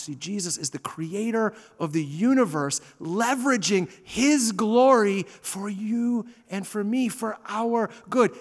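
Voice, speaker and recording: A man in his thirties preaches from the front of a large church, his voice pitched high. He swings from loud, stressed points to soft, hushed asides, and a long reverb follows his words around the hall. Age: 30s. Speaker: pastor. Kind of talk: sermon.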